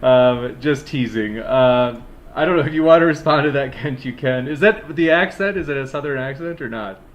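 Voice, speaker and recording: A man's voice: mid-range voice, moderate pace, highs cut off. A man hosting and moderating a live-stream debate, reading viewer messages in an easygoing, filler-heavy way and hurrying things along. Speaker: debate moderator and channel host.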